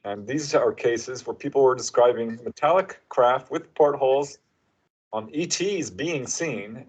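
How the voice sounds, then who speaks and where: A man's voice: mid-range voice, unhurried, husky, rough recording. A man guesting on an interview show as an author, telling anecdotes and acting out the quotes. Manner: animated storyteller who acts out quotes. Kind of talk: casual interview chat.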